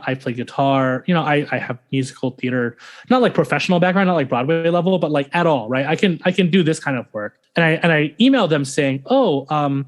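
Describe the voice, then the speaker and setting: Guy in his 30s, podcast guest, talks super fast, slightly high voice, mixes english and thai. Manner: rapid, animated storytelling, switching between English and Thai. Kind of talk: casual interview chat.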